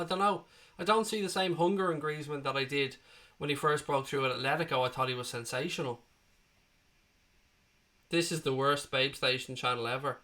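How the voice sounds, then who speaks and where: This Irish host in his thirties, recovering from being sick, runs a live football watchalong and answers viewers' comments one at a time in a chatty, matey way. His voice is a little high, with a bright, forceful tone.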